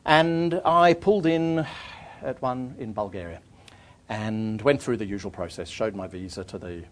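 A man's voice: lowish voice, unhurried. A middle-aged man, an author telling a story to an audience. He rambles and restarts and makes fun of himself. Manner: rambling, self-deprecating, frequent restarts. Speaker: author giving a talk.

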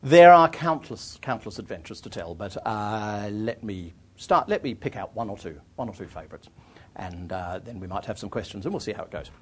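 A man, an author, telling travel anecdotes to an audience in a lively, self-deprecating way, often restarting his phrases. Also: on the low side, normal speed, husky. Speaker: author giving a talk.

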